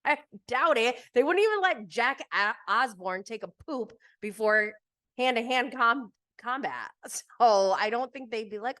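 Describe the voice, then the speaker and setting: Animated chatty woman podcast host. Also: on the high side, a little slow. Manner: chatty and animated, laughs often, filler-heavy. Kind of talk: casual chat recapping reality TV.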